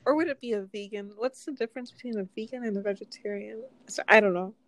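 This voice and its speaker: A woman co-hosting a casual podcast, pausing often with uh and um. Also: medium pitch, dry recording, low-quality recording. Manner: hesitant, trailing with uh and um. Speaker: podcast co-host. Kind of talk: casual chat.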